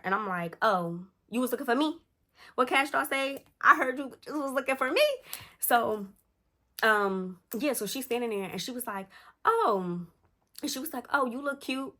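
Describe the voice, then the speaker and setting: A young woman tells a storytime to camera in a casual, animated way, acting out the quotes. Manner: animated, acts out quotes with shifting pitch. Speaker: storytime vlogger. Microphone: camera close up.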